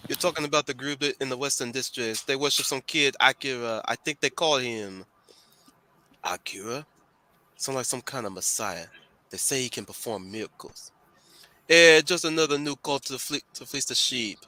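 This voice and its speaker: A man voicing a plain-spoken undercover male agent, reading comic dialogue aloud in a flat, low way. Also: moderate pace, lightly acted. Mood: matter-of-fact.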